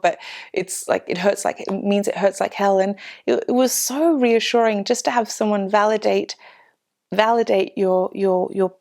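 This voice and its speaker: A woman vlogger telling a personal story in an emotional, halting way, with many restarts. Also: medium pitch, darkish tone.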